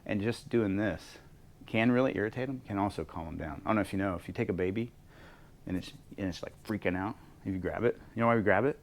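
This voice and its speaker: A low, gravelly male voice leads a leadership workshop. He teaches with energy and acts out each side of the conversations he describes. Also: fast. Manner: animated, acts out both sides of conversations. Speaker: leadership coach leading a workshop.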